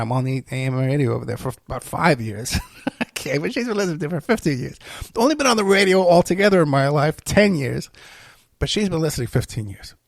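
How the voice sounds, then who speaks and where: A man's voice: mid-range voice, vocal fry, no echo. A man hosting a podcast, telling a story in a loose, rambling way, with laughs and restarts. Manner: rambling, laughing, self-interrupting. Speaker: podcast host. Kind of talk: casual storytelling monologue.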